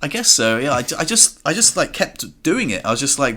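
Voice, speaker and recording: A man's voice: mid-range voice, very animated, fairly quick, bright, forceful tone. A young man hosting a casual podcast conversation, with an ordinary mid-range voice. He talks in a thoughtful, storytelling way and acts out what he thought and said along the way. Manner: reflective storytelling, acting out his own inner dialogue. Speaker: podcast host. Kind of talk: casual chat.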